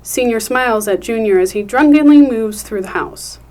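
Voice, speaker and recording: A woman hosting a podcast, chatting and reading stage directions in a friendly, clear way. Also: on the high side, moderate pace, a little mellow. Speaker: podcast host.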